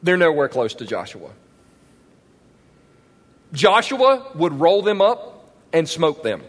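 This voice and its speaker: A male pastor preaches with emphatic energy and keeps asking his audience questions. His voice is high and swings widely in pitch. A long reverb trails after him in a big auditorium. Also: slow. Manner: animated, emphatic, asks the crowd questions. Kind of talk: sermon. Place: large church auditorium.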